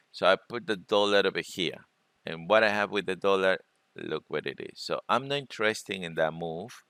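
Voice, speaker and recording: A man presenting a trading webinar, talking through charts in a halting way and often repeating words. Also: sits low, creaky, bright, forceful tone, clear, resonant tone, no echo. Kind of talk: screen-share trading lesson.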